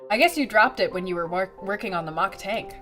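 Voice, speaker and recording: A woman voicing a cocky young female factory worker in a video game, speaking low and softly with a teasing edge. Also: lively intonation, fairly quick, soft background music. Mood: apologetic.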